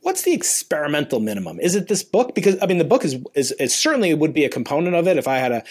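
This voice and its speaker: A man's voice: fairly high pitch, very animated, racing, breathy edge. A man in his fifties hosting a science podcast, talking in long rambling questions with many restarts. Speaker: podcast host, physicist. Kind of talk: casual interview chat.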